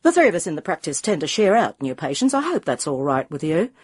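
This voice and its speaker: A woman voicing a brisk, offhand Australian male dentist in his forties, in an audiobook reading. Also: deep voice, sing-song, darkish tone, husky, exaggerated voice. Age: 40s.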